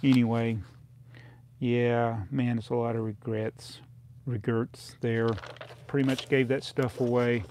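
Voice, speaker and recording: A man's voice: medium pitch, flat delivery, slow, a little mellow, slight background noise. A man hosting a casual live stream, rambling through his old sales, reading out prices, often laughing at himself. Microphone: close desk microphone.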